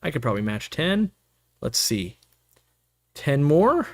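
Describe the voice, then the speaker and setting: A man's voice: on the high side, sing-song, unhurried. A man hosting a casual aquarium live stream, rambling and joking as he reads chat messages aloud.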